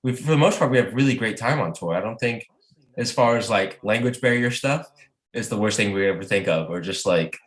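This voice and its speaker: A man from the American South, a touring band musician, telling tour stories in a casual, animated way, laughing often and saying "like" a lot over a video call. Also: lowish voice, a little fast. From Southern United States. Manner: animated storyteller who laughs often and uses many "like" fillers. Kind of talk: casual interview chat. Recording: echoey room.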